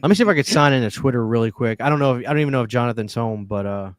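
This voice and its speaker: A man from New Orleans hosts a casual live stream, rambling easily with plenty of fillers. His voice sits at a middle pitch and sounds dry and close, with no room around it. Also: very fast, no echo. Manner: animated, laughs often, many fillers. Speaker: podcast host.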